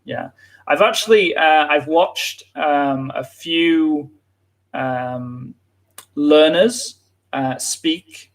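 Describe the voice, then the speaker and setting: A man's voice: fairly high pitch, very slow. British man hosting a live English lesson. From Britain. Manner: hesitant, many fillers and restarts. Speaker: English teacher, livestream host.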